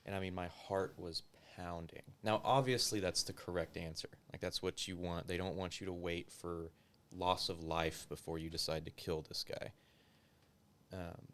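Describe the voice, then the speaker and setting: Low gravelly man telling a story. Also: fairly bright tone. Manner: loose and profane, heavy use of filler words. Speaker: interview guest, former police officer. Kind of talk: casual conversational storytelling.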